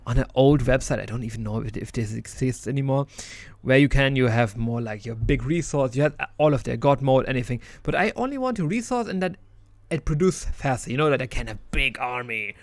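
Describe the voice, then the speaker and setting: A man's voice: mid-range voice, a little fast, dry recording. Chatty man reviewing a game. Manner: chatty and enthusiastic, with many restarts and some laughs. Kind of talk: casual spoken game review.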